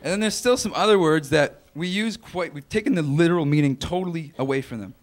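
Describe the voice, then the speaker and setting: Rambling stand-up comic, noisy club. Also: male voice, a little high, fast talker. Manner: rambling, offhand delivery with acted-out voices. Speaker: stand-up comedian. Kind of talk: stand-up set. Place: comedy club stage with a laughing audience.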